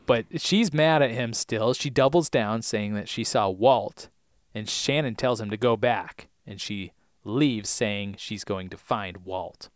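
A man co-hosting a podcast, casually recapping episodes with playful puns and quick acted-out lines. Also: fairly low pitch, dry recording, clean studio sound. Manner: playful, punning, acts out scenes. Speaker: podcast co-host.

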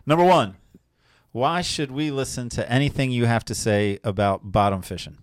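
A man's voice: mid-range voice, normal speed, a crowd in the background. A man hosting a fishing podcast, talking casually and joking with his co-host before bringing in a guest.

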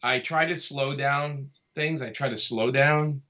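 A man's voice: medium pitch, steady tone, unhurried, sharp tone, muffled recording. A man from Brooklyn, talking casually and easygoingly as an interview guest, often laughing as he speaks. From Brooklyn, New York. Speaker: comic artist guest.

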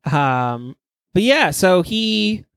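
A man's voice: high-pitched, sing-song, drawn-out words, creaky, a bit bright, smooth, no room sound. A man on a casual gaming podcast, talking in an enthusiastic, rambling, profane way. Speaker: podcast co-host.

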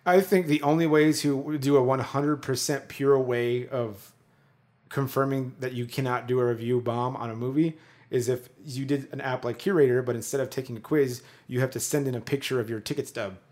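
A man's voice: mid-range voice, steady tone, moderate pace, a little mellow. Chatty man hosting a casual podcast. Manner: chatty, laughs often, frequent fillers. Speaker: podcast co-host. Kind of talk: casual chat.

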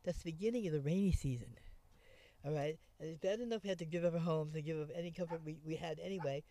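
Interviewee: woman, gravelly and mellow, rambling storyteller with restarts. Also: low-pitched, fast talker, no room sound. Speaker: interviewee, former homeless camp resident. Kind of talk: conversational storytelling.

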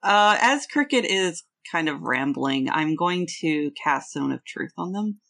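A woman's voice: low voice, animated, unhurried, vocal fry, a bit bright. A woman playing a tabletop game, casting spells and coaxing answers politely. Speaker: player. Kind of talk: casual tabletop game chat.

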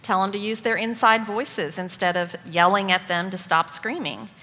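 A middle-aged woman co-teaching a parenting class at a church, giving practical advice in a steady, calm way. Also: medium pitch, moderate pace. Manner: steady, practical, gives examples. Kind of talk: calm instructional talk. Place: church hall. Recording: long hall reverb.

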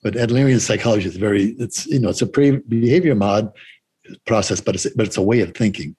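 Husky-voiced man telling a story. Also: fairly low pitch, mellow. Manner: halting, with restarts and frequent swearing. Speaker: interview guest. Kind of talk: casual storytelling in conversation.

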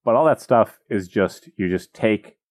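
A man's voice: on the low side, animated, measured pace. A man telling a story in casual, joking podcast chat, rambling with comic asides.

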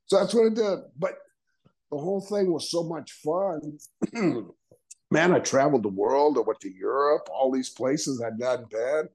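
A retired wrestler, now an older man, guests on an interview podcast, casually telling stories, acting out quoted dialogue, and laughing often. His voice is fairly high, a little mellow and husky, and unhurried, though the audio is poor.

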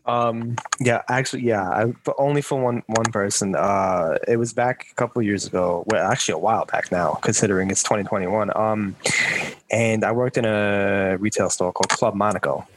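A man's voice: fairly low pitch, normal speed, noisy background. A man telling a rambling story in casual chat on a podcast video call, with many fillers. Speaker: podcast co-host.

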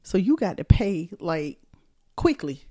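A woman's voice: fairly low pitch, sing-song, measured pace, mellow. A young woman co-hosting a podcast, chatting casually with a playful, teasing manner. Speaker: podcast co-host. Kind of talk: casual chat.

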